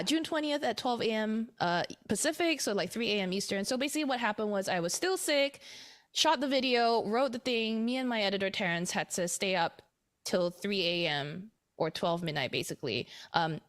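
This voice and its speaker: Chatty woman hosting a podcast. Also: mid-range voice. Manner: chatty, rambling, animated. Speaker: podcast host. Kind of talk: casual podcast chat.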